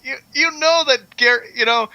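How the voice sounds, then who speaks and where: A man with a very bright, sharp, high voice, recorded close and dry, co-hosting sports talk radio. He is good-natured, laughs easily and keeps the chatter rolling. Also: moderate pace, no room sound, muffled recording. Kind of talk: casual radio banter.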